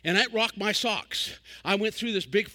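High, bright-voiced folksy older preacher. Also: male voice. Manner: folksy, animated preaching with sudden loud bursts and quick asides. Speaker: traveling evangelist. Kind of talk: sermon.

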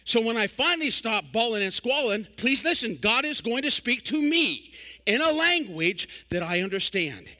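Older male evangelist, high ringing voice, folksy and animated preaching. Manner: folksy, animated preaching with sudden loud bursts and quick asides. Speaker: traveling evangelist. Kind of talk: sermon.

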